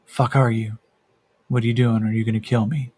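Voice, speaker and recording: A man's voice: mid-range voice, little pitch movement, a little fast, warm tone, breathy edge, lightly acted. A man voicing a foul-mouthed, wounded human warrior who is blunt and suspicious. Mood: wary irritated.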